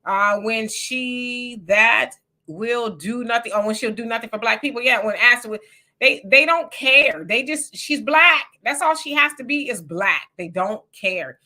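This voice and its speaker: A woman's voice: a little high, measured pace, bright, forceful tone. A woman, casually co-hosting a livestream and reading viewer comments aloud with sassy asides.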